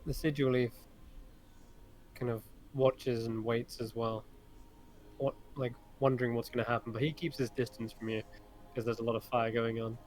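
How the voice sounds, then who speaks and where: A man narrating a tabletop game as game master, describing scenes in an unhurried, descriptive way. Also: medium pitch, flat delivery, a little mellow, rough recording.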